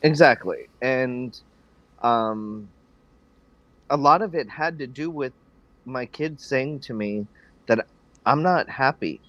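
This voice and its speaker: A man's voice: medium pitch, takes it slowly, long pauses, fairly bright tone, no echo, dull audio. A man talking casually as a podcast guest, in a laid-back way with many ums and restarts.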